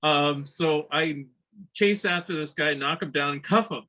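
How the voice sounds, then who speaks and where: A man's voice: a little high, unhurried, bright, forceful tone, poor audio. A man hosting a podcast, telling a rambling anecdote in casual chat and laughing between phrases. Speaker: podcast host.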